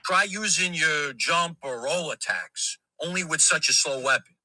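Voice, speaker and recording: A man's voice: a little high, measured pace, pushed and bright, dry recording, heavily acted, low-quality recording. A man doing a young mobster giving game tips. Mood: advising. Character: young male mobster, patient gamer advisor. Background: melodramatic TV music underneath.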